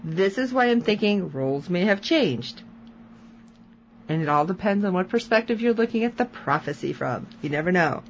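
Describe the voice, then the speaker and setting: A woman in casual podcast chat, recapping a TV episode with a lively, swooping voice. She talks at a medium pitch, often slipping into quoted lines from the show. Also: moderate pace, highs cut off, slight background noise. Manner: animated, retells scenes with quoted lines. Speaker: podcast co-host.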